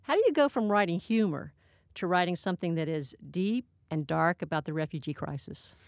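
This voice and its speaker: A woman's voice: lowish voice, a little fast, dry recording, studio quality. A woman hosting a podcast, reading intros and asking interview questions in a friendly, conversational way. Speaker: podcast host.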